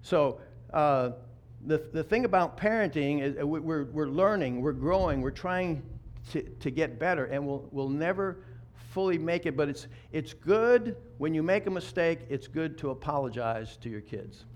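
A man's voice: fairly high pitch, expressive, normal speed. A man in his fifties preaching a sermon in a conversational way, often restarting and repeating words. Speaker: pastor.

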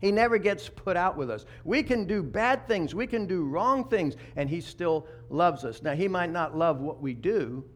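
A man's voice: sits high, expressive, normal speed, hardly any pauses. A man in his fifties preaching a sermon in a conversational way, often restarting and repeating words. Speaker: pastor.

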